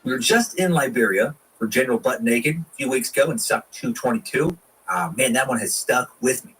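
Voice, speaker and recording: A man's voice: medium pitch, lively intonation, fairly quick, a bit bright, recorded from a distance, low-quality recording. A man hosting a casual history podcast, irreverent and profane, with jokey asides. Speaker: podcast host.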